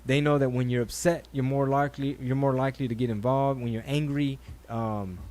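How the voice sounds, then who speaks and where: A man hosting a laid-back podcast conversation. He tells stories with animated energy, slipping into voices when he quotes people. His talk is loose and full of swearing. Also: mid-range voice, fairly quick. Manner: animated storyteller, acts out quotes, swears freely. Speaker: podcast host. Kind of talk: casual chat.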